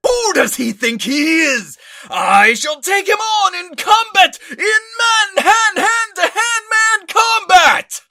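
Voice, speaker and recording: A man voicing an overdramatic young male hall monitor with a loud, booming voice that punctuates every syllable. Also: lively intonation, takes it slowly, heavily acted. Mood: furious. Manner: shouted, strained, raspy bursts.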